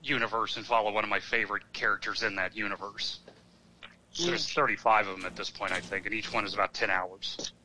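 A man phones in to a chat show and rambles on at an easy pace, full of ums and uhs. His voice sits a little low but sounds very bright and forward. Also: brisk, a little hiss or hum, poor audio. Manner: relaxed, rambling with fillers. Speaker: caller. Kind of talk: casual chat.

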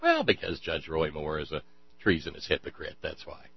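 Sarcastic man with a lively voice. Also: normal speed, gravelly. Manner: mocking, scornful, shouts in falsetto mockery. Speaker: political talk show host. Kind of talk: sarcastic commentary over played clips. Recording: dull lo-fi audio with mains hum.

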